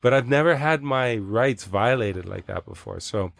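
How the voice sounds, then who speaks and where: A man from Canada, a podcast guest, telling stories in casual chat, swearing and animated. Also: mid-range voice, normal speed, vocal fry, no room sound. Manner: profane, animated storyteller.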